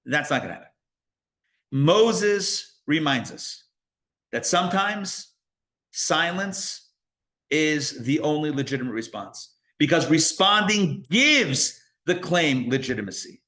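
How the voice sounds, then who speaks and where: Rabbi guy giving a live class, bright forceful voice, chatty, lots of "guess what?" style questions. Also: a little high, takes it slowly. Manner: animated, conversational, many rhetorical questions. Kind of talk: live Torah class lecture.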